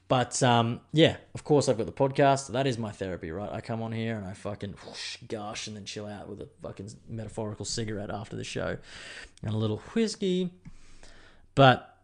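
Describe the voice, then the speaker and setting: Swearing Australian podcast host, rambling. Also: male voice, mid-range voice, animated, a little fast. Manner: rambling, profane, joking. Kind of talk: casual solo podcast chat.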